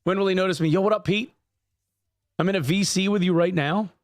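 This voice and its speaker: A man's voice: high voice, fairly quick, no echo, studio quality. A man streaming live, chatting casually with viewers, jokey and profane. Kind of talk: casual livestream chat.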